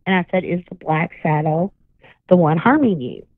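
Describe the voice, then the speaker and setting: A woman with a lowish, expressive voice speaks at a moderate pace, her audio dry and tinny through a phone line. Appearing as a guest psychic and paranormal investigator on a call-in radio show, she chats casually, spinning a long rambling tale full of restarts.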